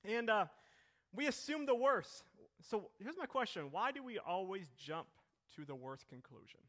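A middle-aged man preaching a sermon to his congregation, with a conversational, questioning manner that swings between quiet and emphatic. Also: sits high, lively intonation, normal speed. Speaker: pastor. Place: church hall.

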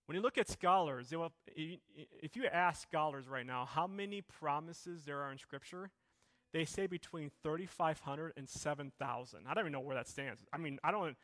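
A man's voice: fairly high pitch, brisk, fairly bright tone. A middle-aged male pastor preaching a sermon with passion, his voice rising and falling.

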